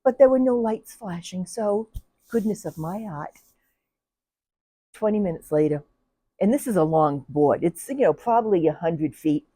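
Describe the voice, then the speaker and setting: An older woman with a low, mellow voice tells her stories casually into a close, dry mic. She is chatty and laughs often as she tells them, acting out the people she met. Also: animated, moderate pace, slightly rough, no echo. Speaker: retired telephone operator telling stories. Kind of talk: casual personal storytelling.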